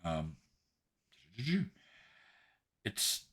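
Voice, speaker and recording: A man narrating as game master of a tabletop game in a halting, descriptive way. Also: pushed and bright.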